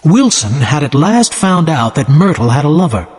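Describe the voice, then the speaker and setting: Expressive male storyteller with long echo. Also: on the high side, normal speed. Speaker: narrator. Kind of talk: scripted story narration.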